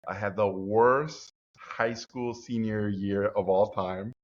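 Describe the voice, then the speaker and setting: Man in his forties from Mexico, animated guest storyteller, lowish voice, dull podcast audio. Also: slow pace. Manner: lively storyteller acting out quotes.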